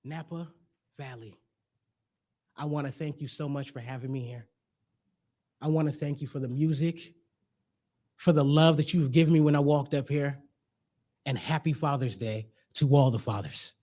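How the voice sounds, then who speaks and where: A man's voice: mid-range voice, fairly even intonation, moderate pace, pauses often, warm tone. A man performing spoken word as a guest speaker at a church service, rhythmic and emphatic, with casual slang. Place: church sanctuary.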